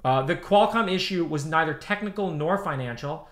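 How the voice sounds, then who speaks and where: A man's voice: a little high, normal speed. A man in his thirties ranting on a livestream, heated and profane, repeating himself as he answers chat. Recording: roomy echo.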